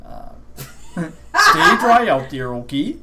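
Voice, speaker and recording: A man's voice: fairly high pitch, huge pitch swings, very slow, very noisy, exaggerated voice. A man voicing a friendly male sword shopkeeper in a put-on Canadian accent that keeps slipping into Scottish, with sing-song patter. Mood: cheery. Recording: music playing behind.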